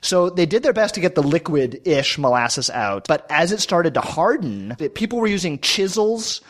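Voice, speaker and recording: A man's voice: fairly high pitch, big pitch swings, moderate pace. A man hosting a casual chat show, telling a story with lots of emphasis, fillers and restarts. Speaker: podcast host.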